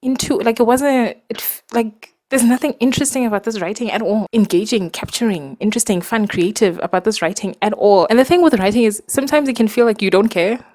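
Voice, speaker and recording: A woman talking casually about books to her viewers, animated and exasperated, with lots of fillers and laughs, recorded in a dark room at night. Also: a little high, brisk, hardly any pauses. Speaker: booktuber. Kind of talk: casual ranting book review.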